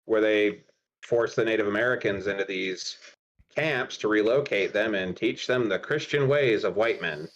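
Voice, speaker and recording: A man's voice: fairly low pitch, normal speed, muffled recording. A man co-hosting a stream, talking bluntly and with exasperation in casual chat.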